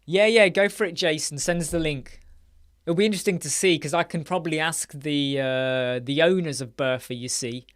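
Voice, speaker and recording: A man's voice: moderate pace, fairly bright tone, smooth. Chatty, blunt man hosting a live chat. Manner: chatty and blunt, mimics people in a higher voice. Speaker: live-stream host answering chat questions. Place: home studio.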